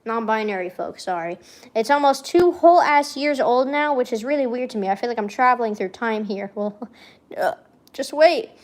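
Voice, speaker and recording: A young adult woman streamer in casual chat, reading aloud from her old journal with excitable rambling and frequent swearing. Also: on the high side, moderate pace.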